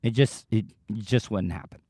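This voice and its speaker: Male podcast host, strained tired voice, excitable rambling delivery, dry close sound. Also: lowish voice, normal speed, dry recording. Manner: excitable, swears casually. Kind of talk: rambling livestream chat.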